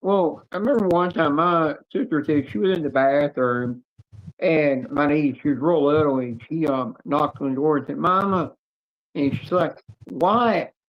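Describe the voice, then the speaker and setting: A woman's voice: low-pitched, moderate pace, muffled recording. A woman co-hosting a livestream in casual chat, telling rambling, crude stories. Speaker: livestream co-host.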